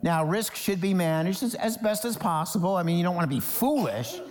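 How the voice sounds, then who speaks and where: A man from New Jersey preaching a sermon as pastor, animated, acting out Bible characters in quoted voices. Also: high-pitched, brisk, big-room sound.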